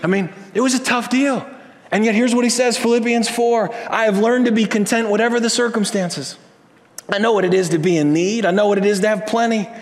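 Animated male pastor in a reverberant hall. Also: high-pitched, a little fast. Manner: animated, swings from loud to hushed. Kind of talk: sermon. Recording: long reverb of a large hall.

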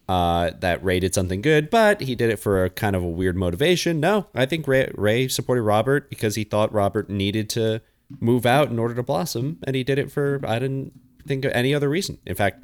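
A man's voice: on the low side, smooth. A man co-hosting a comedy podcast, making his point in an earnest, self-correcting way. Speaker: podcast co-host. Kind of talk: casual comedic chat.

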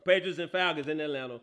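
A man's voice: a little high, noisy background. A man hosting a casual sports talk show, laughing often and teasing. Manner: laughs a lot, animated and teasing.

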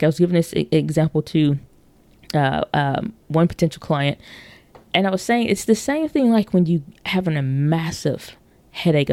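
Gravelly-voiced woman rambling on a podcast. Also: deep voice, darkish tone, dry recording. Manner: rambling with many fillers and restarts; acts out quoted voices in storytelling. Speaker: podcast host. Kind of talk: casual monologue on marketing.

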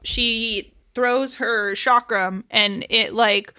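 A woman co-hosting a podcast, chatting casually about a TV episode, laughing often and dropping into quick mock voices of the characters. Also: a little high, fairly even intonation, bright, forceful tone, dry recording, studio quality. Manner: swears casually. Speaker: podcast co-host. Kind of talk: casual chat recapping a TV episode.

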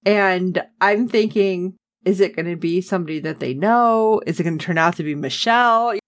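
A woman's voice: lowish voice, normal speed, no echo, studio quality. A woman chatting casually as a podcast co-host, recapping a TV episode with sarcasm and acting out the characters' lines.

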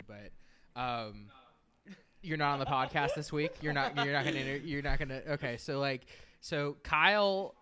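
Bright, crisp young man hosting a podcast. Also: mid-range voice. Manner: rambling storyteller, swearing, mimicking coworkers. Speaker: podcast host. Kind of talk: casual chat.

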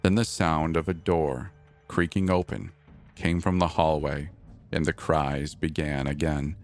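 A man narrating a first-person horror story in a slow, grave, measured way. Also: very deep voice. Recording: narration over faint background music.

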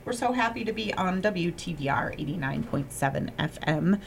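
A woman's voice: fairly low pitch, expressive, moderate pace, creaky, a little hiss or hum. Chatty New woman hosting radio. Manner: chatty and enthusiastic, thanks people. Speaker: radio show host. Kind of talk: casual radio chat.

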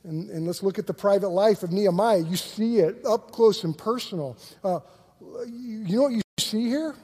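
High-voiced man preaching in a reverberant hall. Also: normal speed, husky. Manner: energetic, acts out quotes, repeats words. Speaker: pastor. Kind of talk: sermon.

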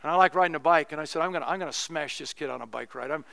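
A man's voice: on the high side, rapid-fire, vocal fry, sharp tone. A middle-aged male pastor preaching a sermon, telling a personal story in a conversational, humorous way.

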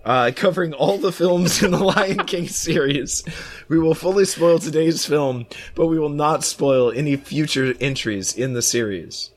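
A man hosting a podcast, hoarse from a head cold, talking in a playful, theatrical way. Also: a little high, unhurried. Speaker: podcast host. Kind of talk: casual podcast chat.

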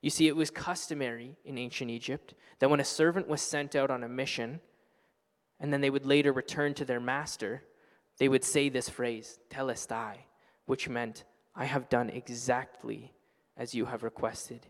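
A man preaching a sermon as pastor, earnest and passionate, building to loud exclamations. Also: mid-range voice, fairly even intonation, normal speed, long reverb tail. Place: church sanctuary.

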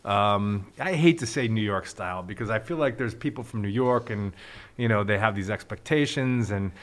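A man's voice: on the low side, normal speed, fairly bright tone. A man, a restaurant owner, talking casually on a podcast, laid-back, with many fillers and some swearing.

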